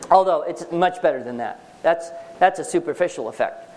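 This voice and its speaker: A man's voice: fairly high pitch, lively intonation, fairly quick, a little mellow, slight background noise. A man teaching a writing workshop for parents in a seminar room with a live audience. He is emphatic and joking, and he quizzes the listeners.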